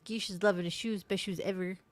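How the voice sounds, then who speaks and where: A woman's voice: medium pitch, steady tone, fairly quick. A woman co-hosting a casual podcast, chatting and reading viewer comments aloud. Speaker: podcast co-host.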